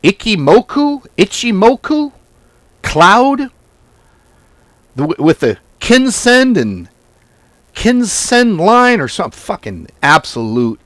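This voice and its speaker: Guy ranting to the camera, swears a lot, voice bouncing all over, pretty high, dry sound. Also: slow pace, long pauses, dry recording. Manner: blunt, profane, animated storytelling; goes off on tangents. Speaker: forex trading video host. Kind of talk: casual ranting monologue to camera.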